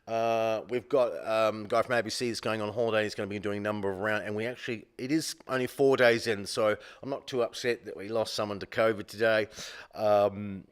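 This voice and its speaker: Rambling, self-mocking quiz host. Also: male voice, on the low side, fairly even intonation, a little fast, clear, resonant tone. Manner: rambling, self-deprecating, many fillers. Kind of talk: live-streamed casual quiz hosting.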